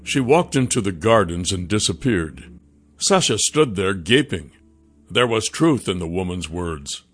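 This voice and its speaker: Calm male storybook narrator. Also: sits low, a little slow, soft background music.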